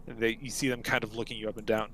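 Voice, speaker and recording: A man's voice: fairly low pitch, level tone, very fast, a bit bright, a little hiss or hum, poor audio. Casual man narrating a tabletop game. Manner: loose, casual, with restarts. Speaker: game master.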